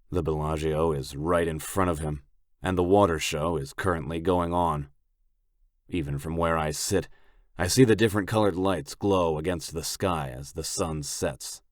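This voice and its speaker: Male audiobook narrator, first person, very deep voice, slow, level, gruff, dry close mic. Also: no echo.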